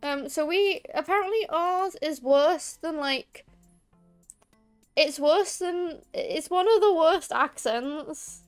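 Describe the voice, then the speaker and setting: A woman's voice: sits high, slow pace, faint music behind. A woman from Liverpool with a mild Scouse accent, chatting casually on a game stream, rambling with lots of fillers.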